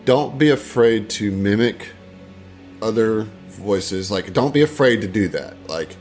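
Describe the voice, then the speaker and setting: Low-voiced easygoing podcast co-host. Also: male voice, expressive, unhurried, darkish tone, faint music behind. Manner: easygoing advice-giving, hedges with "I mean" and "like". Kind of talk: casual podcast chat.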